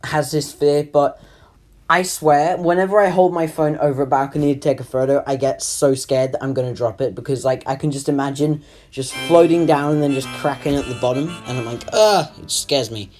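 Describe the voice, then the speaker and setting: A man's voice: medium pitch, fairly even intonation, fairly quick, darkish tone, faint music behind. A young man narrating a comic animation in a rambling, self-deprecating way. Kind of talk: comedic voice-over narration.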